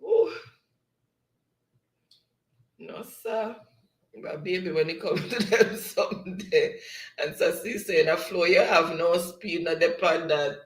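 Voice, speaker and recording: A man's voice: sits high, slow, long pauses, fairly bright tone, reverberant. A man with a Jamaican accent co-hosting a live stream, reading viewer comments aloud with frequent laughs. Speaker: live show co-host reading chat. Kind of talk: casual live-stream chat.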